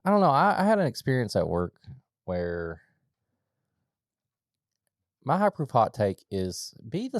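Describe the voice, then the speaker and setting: A man co-hosting a podcast in casual chat, rambling with lots of fillers and sudden animated bursts. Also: low-pitched, no echo, clean studio sound. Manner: rambling, filler-heavy, jumps to animated outbursts. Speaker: podcast co-host.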